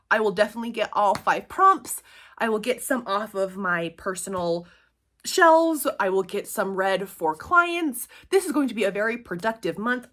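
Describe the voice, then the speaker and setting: A woman's voice: medium pitch, a bit bright. A young adult woman chatting to camera in a casual vlog, upbeat and chatty with frequent ums and little laughs. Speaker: booktuber and tutor.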